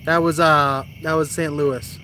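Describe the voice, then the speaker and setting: A man's voice: fairly high pitch, flat delivery, unhurried, pushed and bright, slight background noise. A young man hosting a fishing live stream outdoors at night, teasing his partner and reading viewer comments aloud. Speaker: fishing show host. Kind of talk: casual live-stream chat. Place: creek bank outdoors at night.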